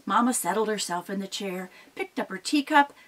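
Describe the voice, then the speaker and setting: Lively woman storyteller. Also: mid-range voice, a little fast, very noisy. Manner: animated, expressive, with sound effects. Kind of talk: oral storytelling performance.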